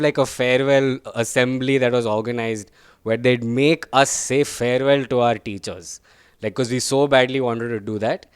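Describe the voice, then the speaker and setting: A man's voice: mid-range voice, smooth, no echo, studio quality. A young man doing a chatty, self-deprecating stand-up set, tagging his lines with "right?" and "guys.". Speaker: stand-up comedian.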